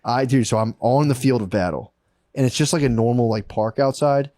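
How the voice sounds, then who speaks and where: A man's voice: mid-range voice, brisk, warm tone, no room sound, clean studio sound. A man co-hosting a comedy podcast in casual chat, rambling through long stories and saying "dude" constantly. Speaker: podcast co-host.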